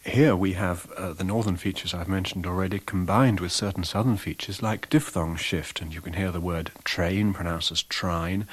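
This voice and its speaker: Man, very deep voice, lecturer, measured explanatory narration. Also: breathy edge. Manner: measured, explanatory, with occasional uh fillers. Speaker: lecturer narrating dialect examples.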